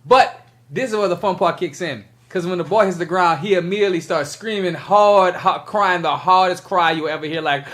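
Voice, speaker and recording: A man's voice: high voice, moderate pace. A man co-hosting a podcast, telling a story in casual chat, acting out quotes and laughing often. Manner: animated storyteller, acts out quotes, laughs a lot. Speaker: podcast co-host.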